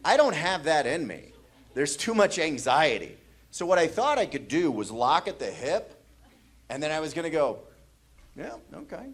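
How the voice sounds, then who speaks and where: Animated, manic stand-up comedian. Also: male voice, a little high, moderate pace. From US Midwest. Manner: manic, anxious storytelling. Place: comedy club stage.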